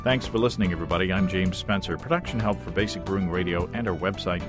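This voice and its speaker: A man's voice: low-pitched, fast talker, over music. A man hosting a homebrewing podcast, closing the episode with thanks and sponsor reads in an easygoing, folksy way. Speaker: podcast host.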